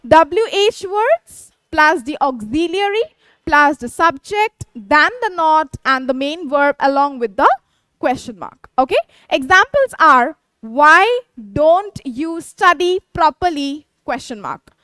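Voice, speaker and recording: A woman teacher explaining English grammar, reading out example sentences slowly and checking in with "yes" and "okay". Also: high-pitched, sing-song, pushed and bright, no room sound. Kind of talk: classroom grammar lesson.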